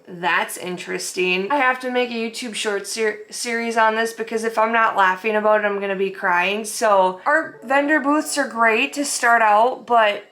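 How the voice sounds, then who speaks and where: A woman's voice: on the high side, a bit bright. Chatty, candid woman vlogging. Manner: chatty, open and emotional, rambling asides. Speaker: artist and vlogger. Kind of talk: candid casual vlog monologue.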